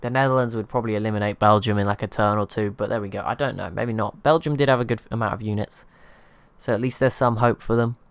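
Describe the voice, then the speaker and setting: A man's voice: fairly low pitch, fairly even intonation, quick pace, clean tone, no room sound. A man hosting his gaming channel, giving casual, rambling commentary over strategy gameplay and laughing at himself. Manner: rambling, self-deprecating, chuckles at himself.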